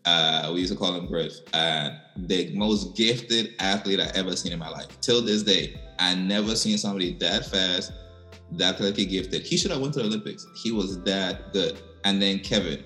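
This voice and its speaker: A man from Costa Rica with a Caribbean Limón English accent, telling stories casually as a podcast guest, animated and laughing often. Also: deep voice, moderate pace, big-room sound, faint music behind. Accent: Costa Rican Caribbean (Limón) English. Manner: animated, laughing, playful voice impressions. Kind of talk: casual storytelling in a podcast interview.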